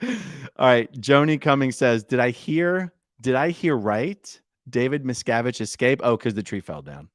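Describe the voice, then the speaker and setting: A man's voice: medium pitch, very animated, moderate pace, no room sound, clean studio sound. A man co-hosting a casual podcast, playfully teasing and reading out viewer comments in bursts. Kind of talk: casual chat.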